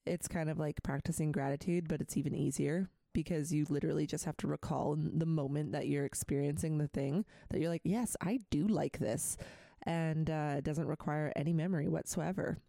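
A woman's voice: low voice, little pitch movement, a little fast, gravelly, few pauses, dark tone, no echo. A woman hosting a radio show, chatting casually in a rambling way full of asides and reading a poem aloud. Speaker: radio host. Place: radio studio.

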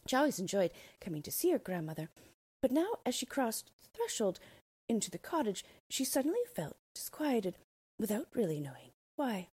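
A woman narrating a storybook read-aloud expressively, dipping into soft whispers. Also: fairly high pitch, big pitch swings, moderate pace, husky, dry recording.

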